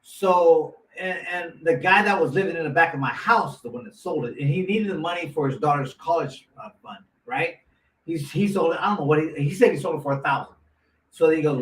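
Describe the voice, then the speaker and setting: Animated man telling a story in a roomy room. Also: a little high, fairly quick. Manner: animated, acts out quotes with lots of restarts. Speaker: guest storyteller. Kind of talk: casual storytelling. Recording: roomy echo, mic at a distance, faint noise.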